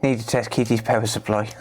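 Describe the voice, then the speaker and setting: A man's voice: mid-range voice, expressive, normal speed, a little hiss or hum. A man with a British accent chatting casually on a repair livestream, coaxing and playful. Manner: chatty, coaxing, talks to pets with playful asides. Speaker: repair streamer.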